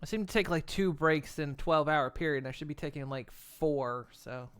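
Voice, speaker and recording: A man's voice: fairly high pitch, normal speed, a bit bright, smooth. A man chatting casually on a long live stream, laid-back and rambling, laughing often and yawning between lines.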